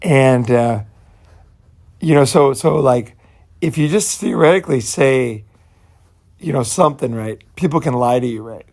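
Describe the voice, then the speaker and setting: A man's voice: mid-range voice, a little slow, pauses often, darkish tone. A man hosting his own channel, talking in a loose, rambling way and leaning on "you know" and "right" while speaking bluntly and sometimes profanely. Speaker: channel host. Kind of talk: casual rambling monologue.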